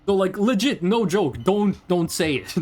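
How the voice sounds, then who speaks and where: A man's voice: sits high, expressive, measured pace, darkish tone. A man in his twenties chatting casually and profanely with his chat while streaming a game. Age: 20s. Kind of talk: casual live game commentary.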